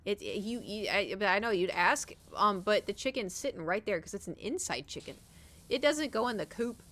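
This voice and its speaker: While playing, a woman streamer talks at a normal pace in a mid-range voice. The casual chat is profane and rambling, with animated storytelling.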